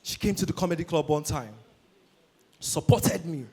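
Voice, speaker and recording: A Nigerian man doing stand-up comedy, energetic and shouting his punchlines. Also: a little high, moderate pace, husky.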